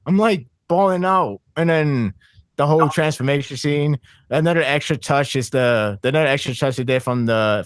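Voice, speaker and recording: A man chatting on a podcast in a voice of middling pitch, recorded dry and close with no room sound. He rambles eagerly, stumbling through restarts and fillers as his excitement builds. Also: no echo. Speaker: podcast co-host. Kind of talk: casual podcast discussion.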